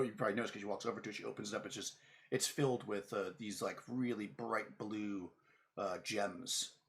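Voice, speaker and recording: A man narrating as game master of a tabletop game, talking in halting bursts with many fillers. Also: fairly low pitch, fairly bright tone.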